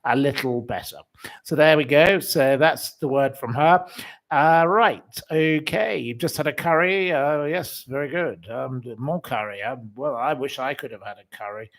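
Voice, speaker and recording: A man's voice: medium pitch, unhurried, a bit bright. A man hosting a casual livestream from a room in a house, chatting and reading out viewer comments in a rambling way full of fillers and flamboyant asides. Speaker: livestream host.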